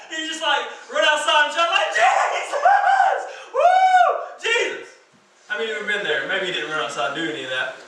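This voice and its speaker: Male youth pastor, bright higher voice, lively sermon with crowd questions, distant echoey hall. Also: slight background noise. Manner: animated preaching, asks the crowd questions. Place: church hall.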